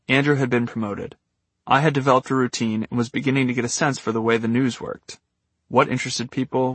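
A man's voice: medium pitch, fairly bright tone, no room sound. A man narrating his own memoir as an audiobook, in a wry, dryly humorous manner.

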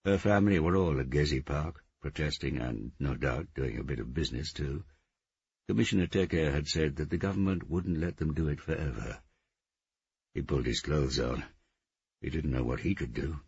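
A man narrating a novel in steady, measured scripted narration. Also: rumbling low, creaky, husky, dry recording, dull audio. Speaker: audiobook narrator.

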